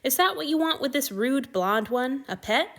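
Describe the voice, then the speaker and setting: A manipulative male lover who talks down to his partner in a smooth, chiding voice, as a woman reads him aloud. He sits a little higher than the narration and stays measured and patronizing. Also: lively intonation, a bit bright, full character voice. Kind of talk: audiobook reading of fan fiction.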